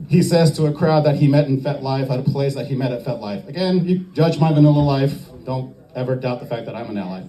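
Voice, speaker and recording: A man from the American South doing a stand-up comedy set at an open mic, animated and acting out voices, laughing at his own jokes. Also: mid-range voice, quick pace, few pauses, rough recording.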